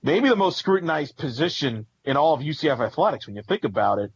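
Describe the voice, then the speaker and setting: A man's voice: fairly high pitch, big pitch swings, fast, slightly rough, highs cut off. A man co-hosting a sports podcast, talking through team records and stats in a rambling, analytical way. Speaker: podcast co-host. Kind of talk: casual sports talk.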